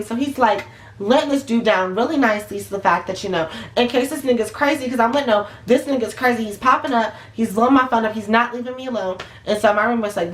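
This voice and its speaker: A woman's voice: medium pitch, quick pace. A woman telling a storytime vlog in a blunt, profane and emphatic way. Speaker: vlogger. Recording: roomy echo.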